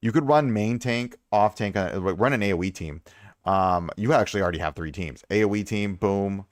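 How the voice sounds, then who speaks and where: Young adult male streamer, low voice, dry close sound, loose rambling chat that repeats itself. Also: normal speed, no room sound. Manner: rambling, repeats himself for emphasis. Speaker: streamer reviewing viewers' game accounts. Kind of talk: casual live-stream chat.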